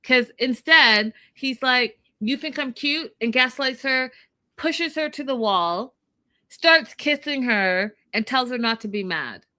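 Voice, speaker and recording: A woman co-hosts an online podcast recapping a reality TV episode, talking casually but with strong opinions and acting out quotes from the show. Her voice is a little high, slow, and bright with a forceful tone, recorded without echo.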